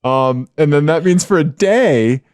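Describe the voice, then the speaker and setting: A man with a high-pitched voice co-hosting a podcast in a casual, chatty way, with frequent yeahs and okays. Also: measured pace, smooth, no room sound, clean studio sound. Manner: animated, chatty, frequent back-channel yeahs. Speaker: podcast co-host. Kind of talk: casual chat.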